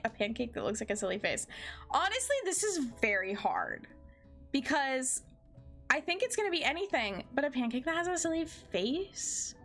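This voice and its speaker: Giggly young woman streamer. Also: high voice. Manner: giggly, excitable, joking. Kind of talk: game playthrough with narration and commentary.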